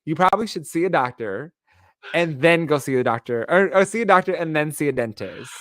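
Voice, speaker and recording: A man co-hosts a podcast in a lively, joking chat, often laughing and handing out sassy tips. His voice sits fairly high, and the room sounds dry and close. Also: fairly quick, dry recording. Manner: animated, laughing, giving tongue-in-cheek advice. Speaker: podcast co-host. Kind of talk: casual chat.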